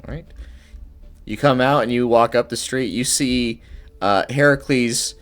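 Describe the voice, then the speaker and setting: A man's voice: medium pitch, measured pace, fairly bright tone, smooth, soft background music. Man running a tabletop game. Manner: playful, describes scenes in second person. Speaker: game master.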